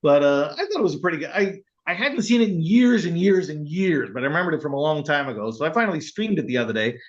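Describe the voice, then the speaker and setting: A man with a fairly high, very animated voice talks casually about films, rambling with plenty of fillers and laughing as he goes. The sound is dull and lo-fi. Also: fast talker. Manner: rambling, laughs often, acts out quotes in a high voice. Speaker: podcast co-host. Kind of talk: casual film chat.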